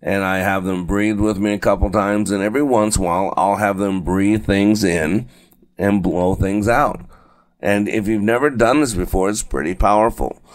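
A man hosting a motivational radio show, talking conversationally with lots of "uh" and "right?", slowing down to stress key phrases. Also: on the low side. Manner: conversational, fillers and frequent tag "right?". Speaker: radio and podcast host. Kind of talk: motivational talk show monologue.

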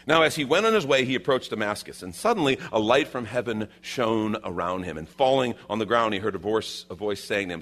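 A male pastor preaching a sermon, emphatic and repeating his key lines, swinging from loud declarations to hushed asides. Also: fairly low pitch, lively intonation, fast, few pauses.

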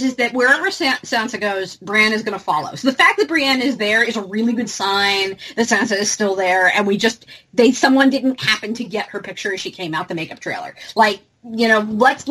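A woman's voice: a little high, expressive, fairly quick, few pauses, pushed and bright, breathy edge, poor audio. A woman hosting a casual fan podcast, talking animatedly with many fillers and restarts. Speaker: podcast host.

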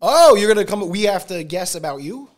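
A man's voice: high-pitched, lively intonation, a little fast. A man co-hosting a podcast who is teasing and playful, and sometimes sings lines as a joke. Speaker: podcast co-host. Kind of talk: casual chat.

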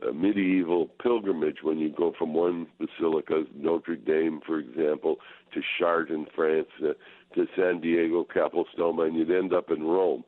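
Low-voiced guy chatting on the radio, loose and rambly, thin tinny audio. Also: moderate pace. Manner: relaxed, rambling with fillers. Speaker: wine talk host. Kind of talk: casual radio talk.

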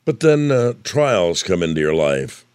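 Folksy older man with a deep voice. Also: very animated, a little slow, a little mellow, smooth, no echo, studio quality. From Indiana, US. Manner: folksy, storytelling. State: losing his voice. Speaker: radio preacher. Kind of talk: devotional talk.

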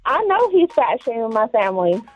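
A woman's voice: fairly high pitch, big pitch swings, a little fast, soft background music, poor audio. A woman calling in to a radio show, talking candidly and giggling. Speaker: caller. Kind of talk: phone-in chat.

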